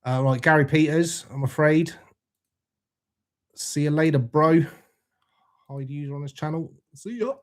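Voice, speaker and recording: A man's voice: fairly high pitch, level tone, unhurried, pauses often. Laid-back man reading live chat. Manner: laid-back, swears freely, greets viewers by name. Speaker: livestream host reading chat.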